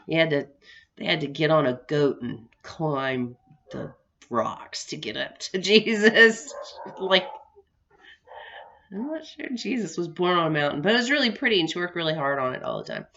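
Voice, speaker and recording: A young adult woman tells a story in a loose, chatty way, stopping and restarting her sentences and laughing along the way. Her voice sits a little low for a woman. The recording sounds dull and lo-fi. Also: sing-song, normal speed, creaky, a bit bright. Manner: rambling, many restarts, laughs often. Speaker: vlogger. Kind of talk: casual storytelling vlog.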